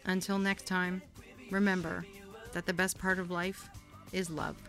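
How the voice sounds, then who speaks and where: A woman's voice: on the low side, flat delivery, unhurried, a bit bright, soft background music. A woman podcast host reading a candid first-person memoir story.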